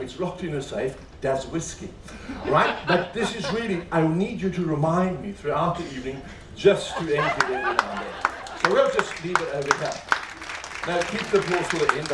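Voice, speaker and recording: A man's voice: fairly high pitch, noisy background. A man performing as a comedy magician in a live stage show, chatting and teasing the audience with jokes between tricks. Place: cruise ship show lounge. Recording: roomy, distant live stage recording with faint audience ambience.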